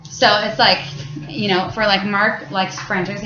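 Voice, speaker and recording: A woman's voice: mid-range voice, flat delivery, normal speed, bright, forceful tone, soft background music. Casual woman teaching a class. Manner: casual, explains with many fillers and restarts. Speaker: French teacher. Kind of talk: classroom lesson. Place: high school classroom. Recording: echoey classroom, dull lo-fi sound.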